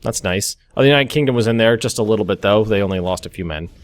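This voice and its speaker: Faint music sits behind a young American man's casual let's play commentary as he thinks aloud through a strategy game, with frequent restarts and asides. He talks at a quick pace in a lowish voice.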